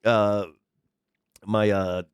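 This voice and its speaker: A man's voice: level tone, drawn-out words, smooth, dry recording, studio quality. A man hosting his own podcast, sick and congested with sniffles, talking in a rambling, chatty commentary and swearing freely into a headset mic. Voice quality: unusually deep from a cold. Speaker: podcast host. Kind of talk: casual commentary monologue.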